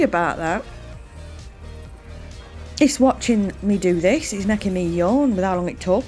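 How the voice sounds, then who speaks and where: A woman hosting her gaming channel, giving chatty, rambling let's-play commentary and warmly thanking her viewers. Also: fairly low pitch, normal speed, long pauses, soft background music.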